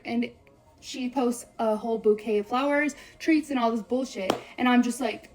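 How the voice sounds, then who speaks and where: A young woman telling a breakup story on a vlog, blunt and profane, swearing constantly in rapid run-on sentences. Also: on the high side, a little mellow, soft background music.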